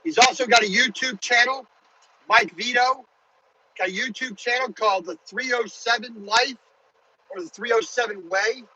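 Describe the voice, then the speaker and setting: A man's voice: very high-pitched, normal speed, pushed and bright, husky, lo-fi sound. A truck driver talking casually to his viewers while driving his truck, in a chatty, rambling way. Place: truck cab on the highway.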